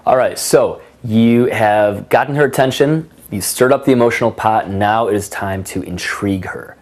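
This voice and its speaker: A man's voice: on the low side, normal speed. A man teaching conversation tips in a casual, playful way, acting out sassy example lines. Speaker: dating coach. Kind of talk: casual instructional talk.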